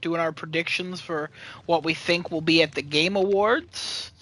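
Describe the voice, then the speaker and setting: Bright, laid-back man hosting a podcast. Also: fairly high pitch, fairly even intonation, measured pace, dry recording. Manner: easygoing, laughs often. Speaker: podcast host. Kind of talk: casual podcast chat.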